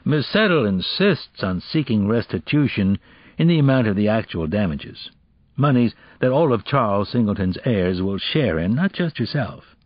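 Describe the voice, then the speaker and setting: A man voicing a cool, unyielding male lawyer who speaks in a measured way, in an audiobook. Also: fairly low pitch, animated, dry recording. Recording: dull, dry audiobook recording.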